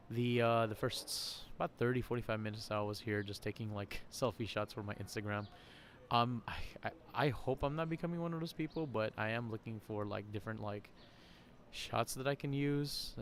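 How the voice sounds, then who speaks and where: A man hosting a podcast, talking casually and rambling at an outdoor shopping center, laughing often. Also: lowish voice. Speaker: podcast host. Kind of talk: casual vlog monologue. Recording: faint crowd ambience outdoors.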